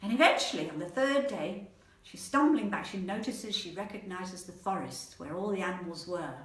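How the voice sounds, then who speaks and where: A woman's voice: fairly low pitch, normal speed. Woman storyteller, playful, rhythmic repetitions, echoey room, distant mic. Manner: animated, playful, repeats words for rhythm. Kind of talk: oral storytelling.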